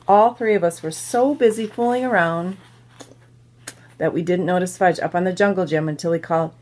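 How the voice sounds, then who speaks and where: A woman's voice: on the low side, moderate pace, a little mellow. A woman reading a children's novel aloud, telling it in plain first-person storytelling. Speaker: reader.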